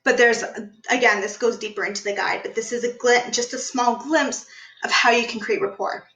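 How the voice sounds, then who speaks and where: Bright energetic woman coaching live. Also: on the high side, moderate pace, roomy sound, slight background noise, rough recording. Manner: energetic, upbeat, demonstrates voices while teaching. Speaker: business coach. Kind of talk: live online workshop teaching. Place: room, standing.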